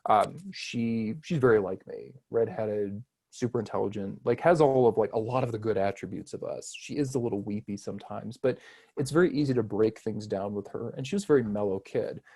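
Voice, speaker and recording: Man, 30s, podcast guest: mellow, warm tone, rambling and reflective, self-deprecating. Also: on the low side, normal speed, slightly rough. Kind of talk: casual conversational interview.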